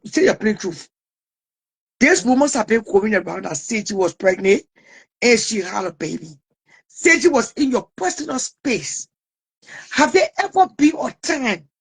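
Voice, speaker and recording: A woman's voice: mid-range voice, slightly rough. A woman, hosting an interview and pressing her guest with probing questions. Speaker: interview host.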